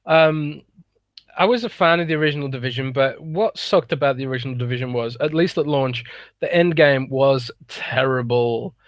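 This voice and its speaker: A man's voice: medium pitch, normal speed, dry recording. A man co-hosting a casual gaming podcast, talking in an easygoing, rambling way. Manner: easygoing, rambling, laughs often. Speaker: podcast co-host.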